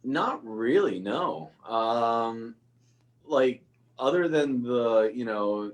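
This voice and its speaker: Man, young adult, guest, video call, mid pitch, self-mocking storyteller. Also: animated, extremely slow. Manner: storytelling, laughs at himself. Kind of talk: casual video-call chat.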